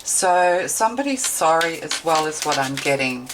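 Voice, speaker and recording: A woman's voice: low voice, animated, normal speed, background noise. A woman tarot reader giving a meandering, intuitive card reading, thinking aloud with many fillers.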